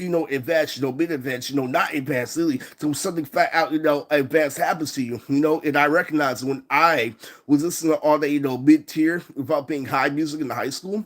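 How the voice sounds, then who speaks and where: A young man ranting on a livestream, rambling and profane with constant fillers. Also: a little high.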